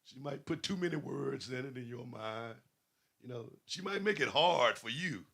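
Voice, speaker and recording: A man's voice: mid-range voice, animated, normal speed, vocal fry, a bit bright. A man preaching a sermon, questioning his listeners and building emphasis. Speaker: pastor.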